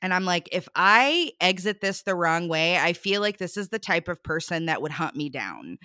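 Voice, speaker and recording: A woman's voice: on the low side, big pitch swings, normal speed, sharp tone, clean tone, no echo, clean studio sound. A young adult woman animatedly recounting a bad date in casual chat, acting out the quotes with lots of fillers.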